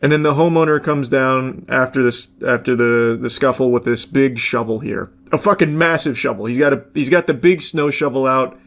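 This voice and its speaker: A man's voice: medium pitch, normal speed, few pauses, fairly bright tone. A man giving blunt, casual reaction commentary, talking loosely with plenty of fillers.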